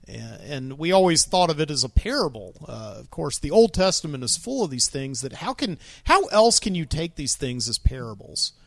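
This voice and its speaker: A man's voice: on the high side, a bit bright, no room sound, clean studio sound. A man hosting his own podcast in a casual solo monologue, rambling and wry, with many ums and uhs. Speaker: podcast host.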